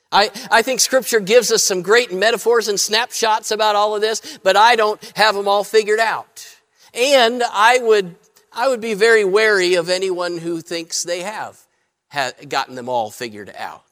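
A man's voice: high voice, a bit bright. A man preaching a sermon as pastor, plain-spoken, with many fillers and repeated starts. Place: church sanctuary. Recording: long church reverb.

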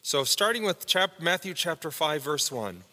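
A man's voice: fairly high pitch, sing-song, moderate pace, pushed and bright, in a large hall. A man preaching a sermon in a church, teaching a Bible word study in a conversational way and asking the congregation questions. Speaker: pastor. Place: church sanctuary.

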